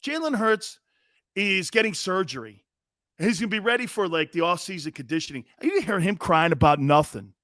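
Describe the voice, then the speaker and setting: Brash sports-talk host in his fifties, foul-mouthed, high male voice, dry close sound. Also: expressive, brisk, a bit bright, no echo. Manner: brash, profane, mocking.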